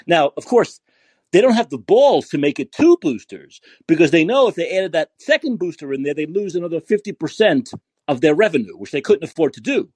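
A man's voice: a little high, very animated, fairly quick, a little mellow, breathy edge, dry recording. A man hosting a podcast, delivering a profane, sarcastic political rant. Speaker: podcast host. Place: San Francisco.

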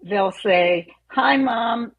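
A middle-aged woman chatting in an online panel discussion, relaxed and chatty. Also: a little high, drawn-out words, phone-quality sound. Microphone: online audio call.

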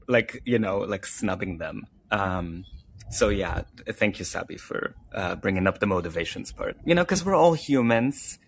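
A man's voice: fairly low pitch, a bit bright, a little hiss or hum. A man on a talk show call, chatting in an amused, casual way.

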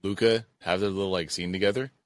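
A man's voice: low-pitched, no echo, studio quality. A man co-hosting a podcast, talking casually and jumping into impressions. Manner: animated, quick to do impressions. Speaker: podcast co-host. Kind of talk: casual chat.

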